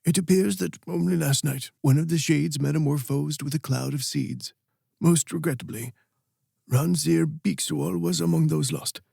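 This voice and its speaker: A man putting on a stout, patient royal advisor from a fantasy audiobook, courteous and unhurried. The voice is dark and gravelly, close and dry. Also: on the high side, animated, dry recording, exaggerated voice. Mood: regretful. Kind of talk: audiobook character voice.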